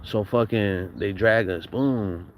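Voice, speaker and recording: A man's voice: lowish voice, takes it slowly. Profane young man telling stories, noisy recording. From Southern California. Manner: profane, slangy storytelling. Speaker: vlogger. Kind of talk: casual storytelling.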